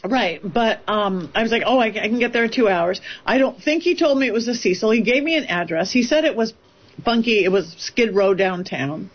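A woman psychic medium telling a story in an interview, animated and rambling, often restarting her sentences. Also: on the high side, brisk, slightly rough, muffled recording.

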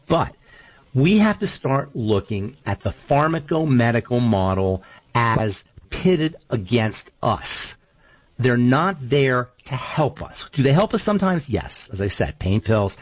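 Husky guy ranting on a talk show, voice going up and down a lot, dry kinda dull audio. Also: medium pitch, dry recording. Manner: rambling, animated, argumentative. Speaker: show host. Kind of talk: casual radio talk.

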